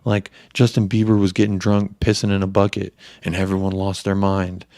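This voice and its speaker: A man's voice: low voice, monotone, brisk, darkish tone, no echo, studio quality. A young man hosting a podcast, telling stories in crude, profanity-heavy casual chat. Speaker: podcast host.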